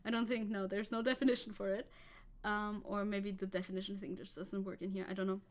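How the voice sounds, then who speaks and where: A woman's voice: medium pitch, level tone, fairly quick. A woman with a German accent giving sarcastic, casual commentary on a live stream, swearing freely. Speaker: VTuber streamer.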